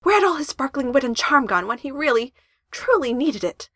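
A woman narrating a story with a lively, animated voice that swings up and down in pitch. The recording is close and dry, with no room sound. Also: a little fast, no echo. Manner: expressive, with emphatic rises.

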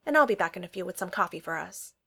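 A woman voicing a steady, motherly woman who is the boss, firm and encouraging. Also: on the low side, very fast, vocal fry, slightly rough, heavily acted. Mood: gentle.

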